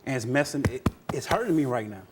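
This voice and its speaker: A man's voice: mid-range voice, lively intonation, quick pace, background noise. A man who is a guest on a talk show, speaking in an earnest, wounded way and repeating himself. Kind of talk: emotional talk show testimony.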